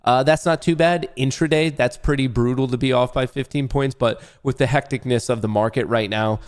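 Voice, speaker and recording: A man's voice: mid-range voice, steady tone, brisk. A young man hosting a live day-trading stream, chatting loosely to his audience with jokes and swearing. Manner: loose, joking, swears, talks to chat. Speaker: livestream day-trading host. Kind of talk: casual live trading commentary.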